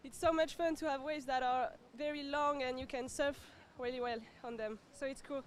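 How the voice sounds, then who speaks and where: A woman's voice: sits high, fairly even intonation, normal speed, slight background noise. A French woman surfer with a French accent, answering a beach interview cheerfully. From France. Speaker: pro surfer. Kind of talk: post-heat beach interview.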